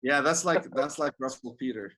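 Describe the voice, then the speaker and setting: A sheikh giving an informal religious lecture, chatty and joking, with many fillers and restarts. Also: male voice, medium pitch, normal speed, sharp tone. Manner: laughs at his own jokes.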